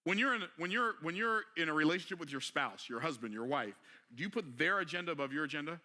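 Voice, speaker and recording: A man preaching a motivational sermon, asking rhetorical questions in a casual, everyday way and moving between quiet passages and emphatic ones. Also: fairly high pitch, lively intonation, fast. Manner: casual vernacular delivery.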